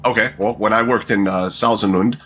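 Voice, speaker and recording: Brief: player doing a husky, higher-pitched merchant in a made-up accent, persuasive and slick. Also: male voice, fairly even intonation, moderate pace, fairly bright tone. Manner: put-on regional accent, persuasive. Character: smooth-talking male merchant, money handler.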